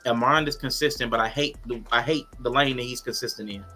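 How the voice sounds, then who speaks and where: A man's voice: mid-range voice, fairly even intonation, quick pace, pushed and bright. A man who streams, a guest on a casual live-stream chat, talking earnestly about his views. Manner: earnest, reflective, explains his feelings.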